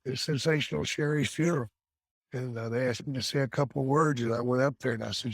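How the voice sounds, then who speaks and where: A man's voice: medium pitch, fairly even intonation, fast talker, vocal fry, no echo, clean studio sound. A man speaking candidly as a guest in a podcast interview. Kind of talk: reflective conversation.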